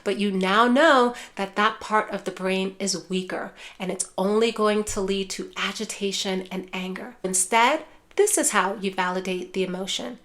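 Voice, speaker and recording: A woman's voice: mid-range voice, normal speed, few pauses. A woman teaching caregivers how to talk with loved ones who have dementia, speaking in a reassuring way and often calling her viewers care partners. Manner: acts out caregiver phrases softly. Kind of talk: direct-to-camera teaching.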